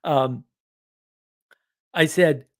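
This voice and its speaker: A man with a fairly high voice tells a story in a loose, chatty monologue. He is animated and breaks into laughter now and then, with lots of fillers and restarts. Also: very slow. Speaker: host.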